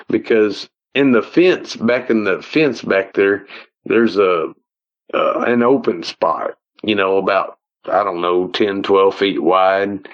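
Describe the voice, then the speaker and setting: A man with an Ozark Southern accent telling a personal story in a rambling, folksy way, repeating himself as he goes, heard over a phone call. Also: fairly low pitch. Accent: Ozark Southern American. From Ozark Mountains, United States. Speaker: guest telling a personal encounter. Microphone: phone call audio.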